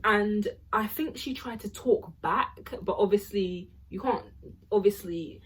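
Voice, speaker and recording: A woman's voice: mid-range voice, measured pace, husky. A young woman, telling a rambling storytime vlog full of fillers. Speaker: vlogger.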